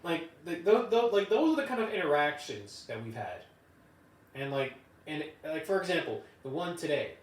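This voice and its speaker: A young man vlogger rambles through a profane, loosely built rant. His voice sits a little high for a man. The sound is roomy and distant, as if the mic is across the room. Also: very animated, normal speed. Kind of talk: casual rant to camera.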